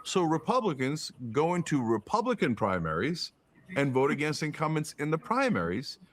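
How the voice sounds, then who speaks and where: A man's voice: fairly high pitch, huge pitch swings, normal speed, a little hiss or hum. Emphatic, profane man ranting politics. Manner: emphatic, profane, rhetorical questions, mocking put-on quotes. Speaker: podcast guest. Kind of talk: political commentary in conversation.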